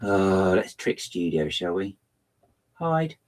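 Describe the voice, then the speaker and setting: Chatty man with a lively, low voice. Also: slow pace. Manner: chatty, playful, self-mocking; lively, theatrical swings into high pitch. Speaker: LEGO building livestreamer. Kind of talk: casual livestream chat.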